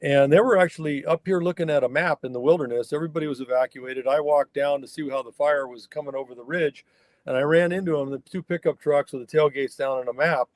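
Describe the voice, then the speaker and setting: A man's voice: on the high side, fairly even intonation, quick pace, dry recording. Folksy older man, dry close mic. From Northern California mountains. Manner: folksy, emphatic, acts out dialogue in anecdotes. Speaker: guest, wild horse fire researcher. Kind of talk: conversational storytelling interview.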